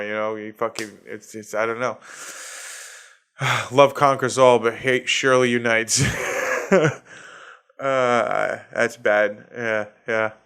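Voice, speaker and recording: Man, Boston accent, comedian host, solo podcast, profane rant, smooth clear voice, monotone delivery. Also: medium pitch, a little slow. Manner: profane, ranting, laughs at his own jokes.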